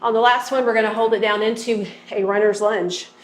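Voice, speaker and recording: Here a woman's slightly high, steady voice comes a little fast as she runs a workout and stretch session. Encouraging throughout, she coaches each move, and the room echoes.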